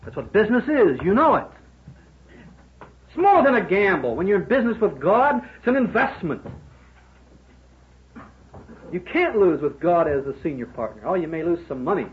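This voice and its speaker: High, lively man preaching emphatically. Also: a little fast, slight background noise. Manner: emphatic, rhetorical questions, swings between loud and quiet. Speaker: preacher addressing businessmen. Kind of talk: sermon. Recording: dull lo-fi sermon recording.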